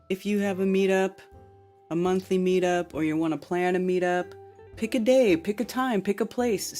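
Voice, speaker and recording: A woman hosting a casual livestream chat, laughing easily with callers and talking quietly and offhandedly when alone. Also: fairly low pitch. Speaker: host.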